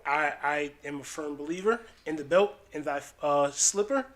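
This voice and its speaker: A man, a guest on a casual chat, talking in a relaxed way with hesitant fillers. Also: on the high side, normal speed.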